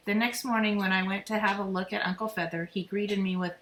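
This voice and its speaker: A woman reading a children's chapter book aloud in a steady, clear storytelling manner. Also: medium pitch, fairly quick, few pauses. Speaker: reader. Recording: echoey room, faint noise.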